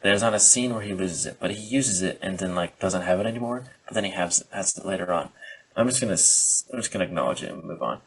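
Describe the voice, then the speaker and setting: A man co-hosting a podcast in casual, rambling chat, joking and filling pauses with "like" and "um". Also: low voice, slightly rough, rough recording. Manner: rambling, jokey, many fillers. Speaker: podcast co-host.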